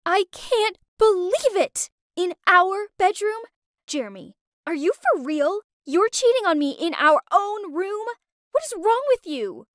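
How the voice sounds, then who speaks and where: Casting: woman playing a high, sharp-tongued young woman screaming at a cheater. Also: sing-song, moderate pace, no echo, studio quality, full character voice. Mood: furious. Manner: shouting, accusing. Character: angry betrayed young woman.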